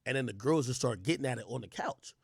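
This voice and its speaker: A young man streaming, telling a crude story in a casual, profane way, swinging from low mumbles to loud outbursts. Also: fast, creaky, slightly rough, dry recording, studio quality. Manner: animated, profane, swings between mumbling and yelling.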